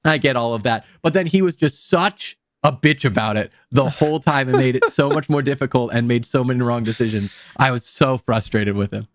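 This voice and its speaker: A man's voice: mid-range voice, fairly quick, few pauses, no echo. A man chatting casually about a film, rambling with many fillers. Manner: rambling, heavy use of filler words. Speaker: podcast co-host.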